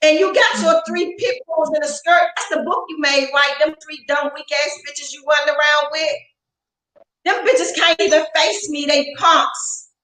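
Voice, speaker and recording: A woman's voice: high voice, normal speed, sharp tone. A woman speaking as an interview guest, ranting in a heated, profane, confrontational way with lots of emphasis. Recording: roomy echo.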